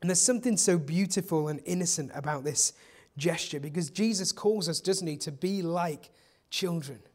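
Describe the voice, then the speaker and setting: A man preaching a sermon as pastor, telling the story conversationally and often dropping into a soft hush. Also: a little high, normal speed. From England.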